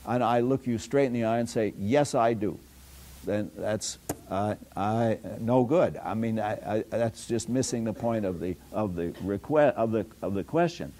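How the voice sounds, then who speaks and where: An older man lectures a university class, a somewhat low voice. He rambles through anecdotes, stopping often for fillers and starting sentences over. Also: normal speed, dark tone, a little hiss or hum. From United States. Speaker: philosophy lecturer. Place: lecture hall.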